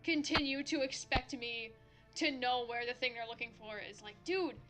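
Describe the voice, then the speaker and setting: A woman's voice: a little high, moderate pace, music in the background. A woman streamer chatting casually over a game, ranting and swearing with many fillers. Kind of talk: casual gameplay chat.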